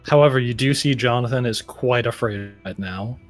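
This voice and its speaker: A man narrating as game master in a tabletop role-playing game, describing characters' actions in a relaxed way. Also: medium pitch, moderate pace, dry recording, faint music behind.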